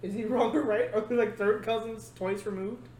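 A man's voice: high voice, steady tone, normal speed, a little mellow. A man hosting a casual podcast chat, joking and laughing often as he rambles. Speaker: podcast host. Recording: echoey room, faint noise.

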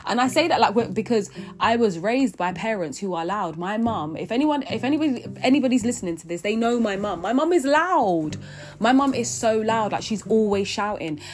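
A woman's voice: mid-range voice, animated, fairly quick, hardly any pauses. A young woman talking through her feelings in an earnest, rambling way, full of restarts and fillers. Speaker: vlogger. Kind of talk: reflective personal monologue. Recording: guitar music under the voice. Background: guitar music.

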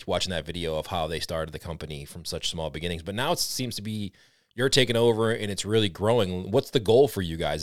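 A man with a Boston accent hosting a podcast interview, upbeat and chatty and quick to laugh, speaking into a studio condenser mic. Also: low voice, dry recording. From Boston area, USA. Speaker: podcast host. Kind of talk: casual interview chat.

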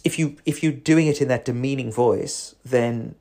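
A man's voice: mid-range voice, steady tone, a little slow, few pauses, a little mellow. A man, a psychotherapist talking in a rambling, wry voice-note monologue. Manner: rambling, self-interrupting, wry.

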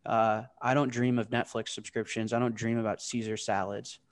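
Animated, profane young man telling stories. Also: on the low side, normal speed, no room sound. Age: 20s. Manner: animated, profane, storytelling with acted-out quotes. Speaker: podcast guest, startup founder. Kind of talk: casual storytelling interview.

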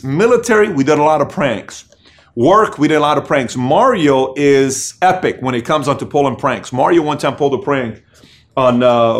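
A middle-aged man hosting a show, telling stories in an excited, animated way, acting out the voices of the people in them. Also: mid-range voice. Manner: excited, acts out voices in anecdotes, frequent fillers. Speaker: podcast host and business owner. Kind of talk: animated storytelling monologue.

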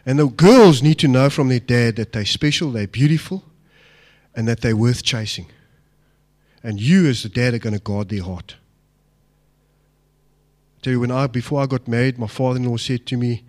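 A man's voice: mid-range voice, normal speed, darkish tone. A middle-aged man, giving an emphatic, personal talk to an audience and asking them questions. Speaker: speaker addressing an audience. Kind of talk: motivational talk on fatherhood.

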